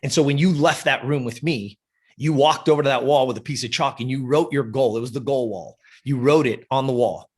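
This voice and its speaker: Husky, fired-up man telling a story. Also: mid-range voice. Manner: swears freely, fast and fired-up. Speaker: gym owner and coach. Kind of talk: animated storytelling in a podcast interview.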